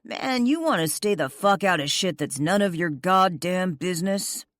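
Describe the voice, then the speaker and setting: A woman's voice: lowish voice, expressive, moderate pace, no echo, clean studio sound, voice pushed up, lightly acted. A woman reading an arrogant young rock star man who growls and talks cocky, in an audiobook. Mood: defiant.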